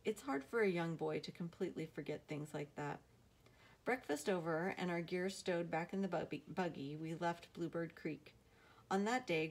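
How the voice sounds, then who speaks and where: A woman narrating a novel aloud in a steady, measured storytelling manner. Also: low voice, creaky. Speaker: audiobook narrator.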